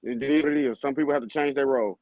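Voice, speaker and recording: A man on a basketball podcast panel, arguing his side in casual heated debate with quick comebacks. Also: medium pitch, fairly even intonation, a little mellow, no room sound, highs cut off.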